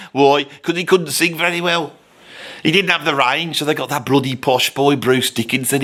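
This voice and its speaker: A man performs a comedy character: a grumpy Birmingham rock veteran in his sixties with a Birmingham accent. His voice is a little high with a sharp tone as he rambles, swears constantly and grumbles through a comic rant.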